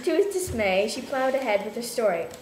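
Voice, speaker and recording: A woman in a writing group reading a story aloud softly, amused as she reads the dialogue. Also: on the high side, sing-song, fairly quick, a crowd in the background. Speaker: creative writing group member. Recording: echoey room, background noise.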